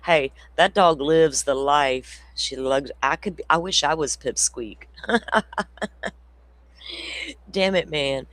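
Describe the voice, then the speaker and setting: A man with a drawl talks casually to his viewers. He rambles through stories, laughs often and swears without a second thought. His voice sits a little high, and the recording is dry and close, with no room sound. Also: slow, long pauses, a bit bright, no room sound. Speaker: true crime livestream host.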